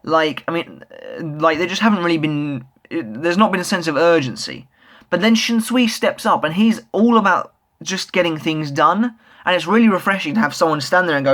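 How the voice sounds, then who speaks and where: A man's voice: fairly high pitch, lively intonation, moderate pace, a bit bright. A young man reviewing a manga chapter in a casual, rambling way, full of fillers and restarts, speaking as an eager fan. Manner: enthusiastic fan.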